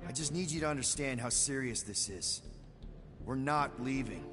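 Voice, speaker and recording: A man's voice: mid-range voice, normal speed, loud music behind the voice, lightly acted. An actor voicing an earnest, insistent male team leader in a video game, loyal to his friends.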